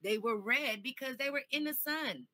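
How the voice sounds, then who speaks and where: A woman's voice: high voice, normal speed, pushed and bright. A woman comedian as a talk show guest, speaking bluntly and swearing casually. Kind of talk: casual conversation.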